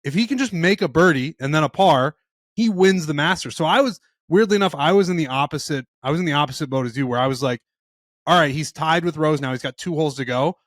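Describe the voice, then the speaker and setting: Guy rattling off his golf take real fast, kinda high voice, dry mic. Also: no echo. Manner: rapid, emphatic storytelling. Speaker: podcast co-host. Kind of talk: casual sports chat.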